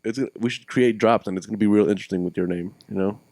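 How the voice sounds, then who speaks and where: A man hosting a podcast in casual chat, relaxed and rambling, chuckling often. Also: on the low side, rapid-fire, no echo, clean studio sound. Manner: laid-back, chuckling, rambling. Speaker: podcast host.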